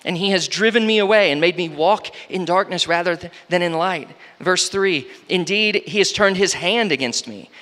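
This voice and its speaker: A man preaching a sermon, reading scripture slowly and then explaining it with rising emphasis and frequent restarts. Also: high voice, a bit bright. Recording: long hall reverb.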